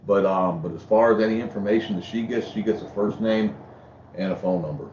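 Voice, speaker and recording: A man's voice: fairly low pitch, a little fast, a little mellow, a little hiss or hum. A man who works as a cameraman, speaking in a loose, rambling way full of fillers. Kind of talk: casual interview talk. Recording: distant, echoey, dull lo-fi.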